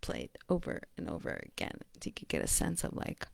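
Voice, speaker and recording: A woman vlogging in a casual, rambling monologue, often dropping to a breathy whisper and speaking bluntly with profanity. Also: extremely low pitch, wildly swooping pitch, fairly quick, dry recording.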